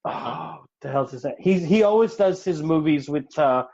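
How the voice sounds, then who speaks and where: A man's voice: a little high, animated, normal speed, creaky, darkish tone. A man co-hosting a casual podcast, rambling and hesitant as he searches for names. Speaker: podcast co-host. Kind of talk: casual chat. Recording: dull lo-fi sound.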